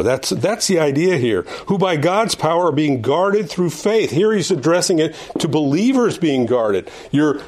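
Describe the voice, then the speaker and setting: A man's voice: a little high, darkish tone. An older man teaching an adult Sunday school class in a conversational way, repeating phrases and restarting sentences, rising and speeding up on key points. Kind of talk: Bible lesson. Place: church classroom.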